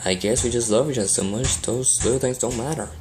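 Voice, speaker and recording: A woman's voice: extremely low pitch, fast talker, noisy background. A woman reading a fan story and voicing a blunt, frank farm pony mare. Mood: plain.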